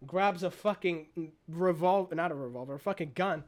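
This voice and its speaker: A man recapping a horror movie in a casual, profane, excited and rambling way, seated at his desk. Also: fairly high pitch, moderate pace, a little hiss or hum. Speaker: movie reviewer.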